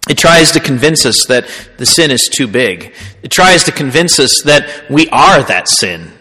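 Priest, male, dramatic preacher voice, loud to hushed, long hall reverb. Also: medium pitch, animated, unhurried, slightly rough. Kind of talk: sermon.

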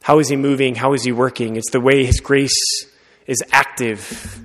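A man preaching a sermon, telling a story in an earnest, conversational way and often dropping to a soft voice. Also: mid-range voice, level tone, moderate pace. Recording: long reverb of a large hall.

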